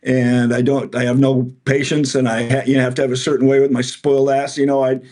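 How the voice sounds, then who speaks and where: A man guest on a casual podcast, excitable and self-deprecating, swearing casually as he asks for advice. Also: mid-range voice, brisk.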